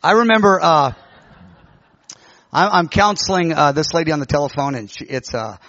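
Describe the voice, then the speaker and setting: A middle-aged man preaches, spinning a story with lively, acted-out voices. His voice sits a little high, and the sound is dry and close. The recording is dull and lo-fi. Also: moderate pace, no room sound. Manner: animated, acts out quoted voices. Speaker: pastor. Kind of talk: storytelling sermon.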